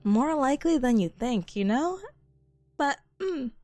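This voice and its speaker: A woman's voice: high-pitched, animated, measured pace, darkish tone, no echo. A young woman streamer chatting casually with her viewers, bubbly and giggly. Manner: giggly, bubbly, talks to chat. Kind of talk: casual live-stream chat.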